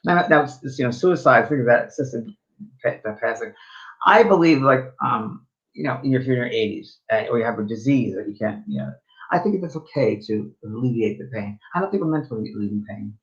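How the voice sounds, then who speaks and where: A man's voice: mid-range voice, lively intonation, fairly quick. Guy medium rambling thru stories, lots of ums, kinda muffled lo-fi sound. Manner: rambling anecdotes with many fillers and restarts. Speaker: spiritual medium co-host. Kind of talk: casual storytelling chat.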